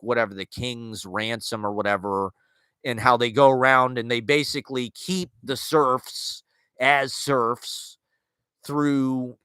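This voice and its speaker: Speaking in a smooth, mid-range voice that is still bright and forceful, a man hosts a podcast and drifts through a casual monologue on literature and culture. His talk circles around with fillers, restarts, and wry asides, and the sound is dry and close with no room ambience.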